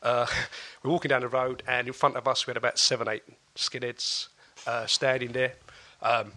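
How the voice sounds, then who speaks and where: A man, a podcast guest telling a story in casual chat, animated and laughing often. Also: medium pitch, moderate pace. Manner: animated, acts out quoted voices, laughs often.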